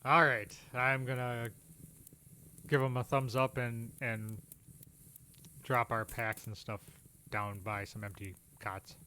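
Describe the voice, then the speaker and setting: A man's voice: mid-range voice, little pitch movement, takes it slowly, pauses often, sharp tone, a little hiss or hum. A man playing in a tabletop game, casually describing what his character does. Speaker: player.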